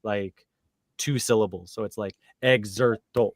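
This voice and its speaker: A man's voice: medium pitch, moderate pace, fairly bright tone, dry recording. Guy rambling on a podcast, lots of "like" and restarts, dry close sound. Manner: rambling, many fillers and restarts. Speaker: guest living in Japan. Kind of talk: casual podcast chat.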